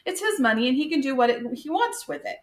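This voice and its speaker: A woman voicing a gentle, honest male cricket who talks in an earnest, mild way. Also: high-pitched, sing-song, fast talker, pitched above the performer's own voice. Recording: echoey room.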